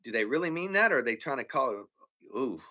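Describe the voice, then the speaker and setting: Bright-voiced Southern man chatting loosely. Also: medium pitch, sing-song, fairly quick. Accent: Southern American. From American South. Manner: storytelling, profane, with quoted impressions of his partner. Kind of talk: casual livestream chat.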